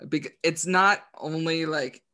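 A man chatting casually as a podcast co-host, laughing as he retells scenes in quick quoted voices. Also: a little high, fairly even intonation, pushed and bright. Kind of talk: casual chat.

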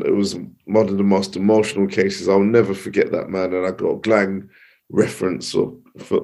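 A man with a low, gravelly and husky voice tells a courtroom story as a podcast guest. He talks in a lively, loose way, full of restarts and asides. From United Kingdom. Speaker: criminal barrister, podcast guest. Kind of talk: casual interview storytelling.

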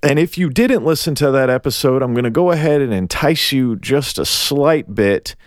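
A man co-hosting a podcast, chatting casually and teasing his co-host with a lively, joking manner. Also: medium pitch, moderate pace, no room sound, clean studio sound. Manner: teasing, animated, profane. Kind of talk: casual chat. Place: Los Angeles area.

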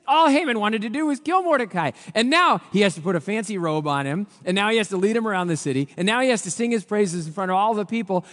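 This brisk, slightly bright-voiced pastor delivers a story-driven sermon with lively intonation, playing each character's lines in a fairly high voice. His pitch jumps and falls as the drama builds, and every phrase carries a long reverb like a church hall.

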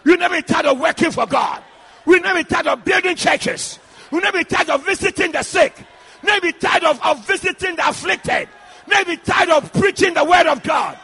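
High, gravelly shouting male preacher. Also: a little fast, some chatter behind. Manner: shouting, repetitive call-and-response preaching. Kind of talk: sermon.

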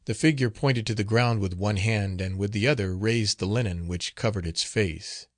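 A man narrating a gothic novel as an audiobook, reading in a measured, solemn manner. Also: on the low side, dry recording, studio quality.

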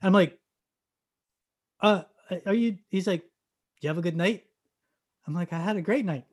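A man from Canada telling a story in casual chat, acting out the dialogue and bursting into loud excited shouts. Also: sits high, moderate pace, background noise.

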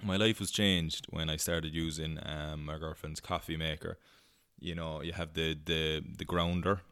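Deep-voiced Irish man, rambling review chat. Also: flat delivery, a little slow, a bit bright, smooth, dry recording, studio quality. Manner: rambling and chatty, with many fillers and casual swearing. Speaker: film reviewer. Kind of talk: casual solo review chat.

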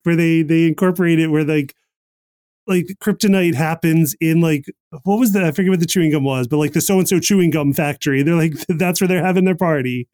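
A man's voice: fairly high pitch, brisk, a little mellow, no echo, studio quality. A man in a casual podcast chat who rambles, fills his talk with "like", and chuckles often. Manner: rambling, frequent "like", laughs often. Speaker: podcast co-host.

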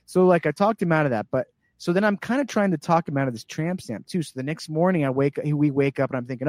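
Animated, higher-voiced storytelling man. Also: quick pace, hardly any pauses, dry recording, clean studio sound. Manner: animated, acts out quoted voices. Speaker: guest. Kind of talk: casual storytelling chat.

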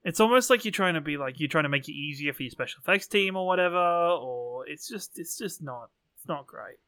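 Bright, expressive man. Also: fairly high pitch, brisk, no echo, studio quality. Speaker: podcast co-host. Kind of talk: casual film discussion.

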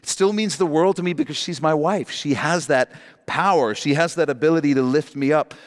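A middle-aged man preaching a sermon on marriage, animated and joking, repeating short refrains for emphasis. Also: fairly high pitch, brisk, long reverb tail. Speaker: pastor.

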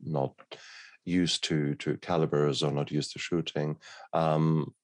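A male host explaining a point to his audience in a measured, matter-of-fact way. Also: a bass voice, little pitch movement, no echo.

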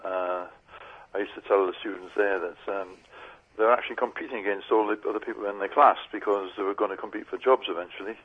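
Older Tyneside man, husky, on phone. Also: lowish voice, steady tone, fast. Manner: rambling anecdotes with chuckles. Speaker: regular guest, former journalism lecturer. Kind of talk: casual radio chat. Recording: tinny phone line.

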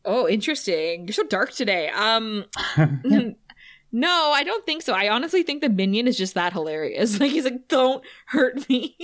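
A woman's voice: mid-range voice, moderate pace. A woman co-hosting a casual podcast, walking through an episode scene by scene. She laughs easily and slips into character voices as she retells the scenes. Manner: animated, laughs often, acts out the characters. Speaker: podcast co-host.

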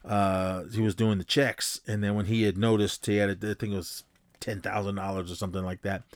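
A man's voice: lowish voice, little pitch movement, a little fast, no echo. Casual man recapping a film. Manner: rambling, frequent restarts and profanity. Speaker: podcast host.

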